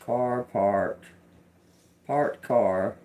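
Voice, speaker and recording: A man hosting a live psychic reading, slowly and haltingly repeating single words aloud as he interprets them. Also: medium pitch, dark tone. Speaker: livestream psychic reader. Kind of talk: live spirit-box and card reading.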